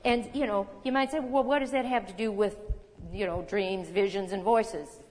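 A woman in her sixties teaching a sermon in a conversational, animated way, reading scripture aloud with emphasis. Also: medium pitch, moderate pace. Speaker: Bible teacher. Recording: long hall reverb.

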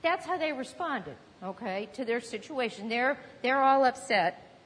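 A woman's voice: a little high, lively intonation, a little slow, slight background noise. A woman preaching a sermon in a conversational teaching manner, now and then acting out panicked voices. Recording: long hall reverb.

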